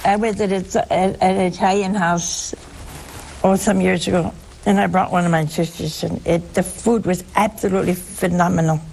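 A woman's voice: lowish voice, normal speed, creaky, slight background noise, low-quality recording. An older woman giving a religious talk to listeners in a chatty storytelling manner. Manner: chatty, storytelling, lively asides. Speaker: religious speaker. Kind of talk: spoken religious talk to a broadcast audience.

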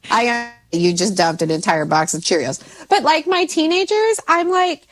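A woman in her forties, a mindset coach, talking casually and jumping up in pitch when she quotes herself. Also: moderate pace, few pauses. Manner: animated, swoops into high pitch when quoting herself. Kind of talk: casual podcast chat.

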